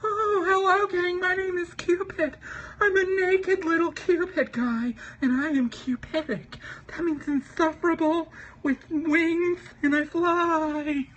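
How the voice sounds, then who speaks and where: A man voicing a small, smug, winged male Cupid in a squeaky, sing-song put-on voice. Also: steady tone, slow, a bit bright, slight background noise, full character voice, rough recording. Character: smug little naked male Cupid with wings.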